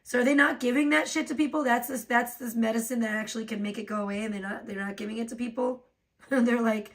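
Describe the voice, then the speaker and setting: A woman's voice: a little high, steady tone, quick pace, far from the mic. Foul-mouthed woman ranting on a livestream. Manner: profane, rambling, laughs often. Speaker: livestream host. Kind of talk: casual livestream rant.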